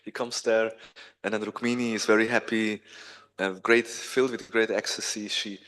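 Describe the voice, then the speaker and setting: A man teaching a scripture class, retelling a sacred story in an animated way with a few throat clears. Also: fairly low pitch, moderate pace. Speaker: spiritual teacher.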